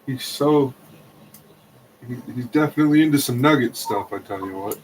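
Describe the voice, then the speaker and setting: A man's voice: medium pitch, moderate pace, rough recording. Man, casual chat, short easygoing replies, faint background noise.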